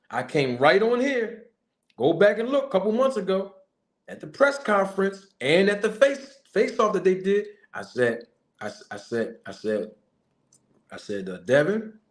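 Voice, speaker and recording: A man commenting to camera as a boxing manager, giving a young fighter emphatic, repetitive advice and addressing him directly. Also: high-pitched. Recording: echoey room.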